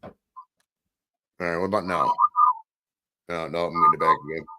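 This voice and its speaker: A male podcast host with a bright, forward voice, chatting loosely on a live stream. He talks casually and curses under his breath as he tries different microphones. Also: low-pitched, steady tone, normal speed, low-quality recording. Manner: casual, profane, flustered by audio trouble. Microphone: streaming setup with computer mic.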